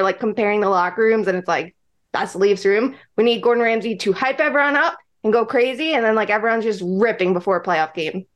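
A woman co-hosting a hockey podcast in casual chat, animated and acting out bits. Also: fairly high pitch. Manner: animated, acts out scenes with loud put-on voices. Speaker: podcast co-host.

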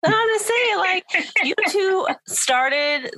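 A woman's voice: very high-pitched, expressive, takes it slowly, sharp tone. A woman hosting a podcast remotely in playful, chatty, teasing conversation. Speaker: podcast host. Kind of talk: casual chat.

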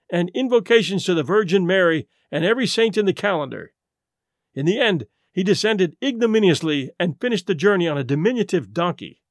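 A man narrating a classic detective story in the first person. His reading is animated and expressive, with a fairly high pitch for a man, and the recording is dry and close. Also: no echo. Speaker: audiobook narrator.

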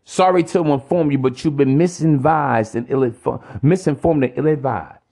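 A man's voice: mid-range voice, moderate pace, warm tone. A man hosting a podcast, ranting in a preachy, profane monologue full of repetition. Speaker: podcast host.

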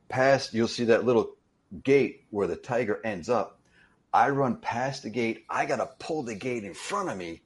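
Man, mid-pitched, casual anecdote teller who stumbles and restarts. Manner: animated anecdote-telling with repeated restarts. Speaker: interview guest, stuntman. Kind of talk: casual storytelling.

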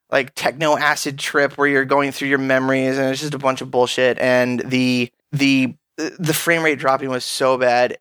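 A man's voice: fairly high pitch, smooth, dry recording. Profanity-heavy ranting man, dry sound. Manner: profane, ranting, animated complaints. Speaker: podcast co-host. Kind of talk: casual podcast chat.

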